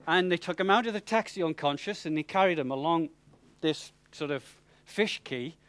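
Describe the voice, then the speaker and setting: A man with a fairly high voice, telling a funny anecdote to an audience. He speaks in a chatty, lively way, with stops, restarts and repeated words as he goes. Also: normal speed.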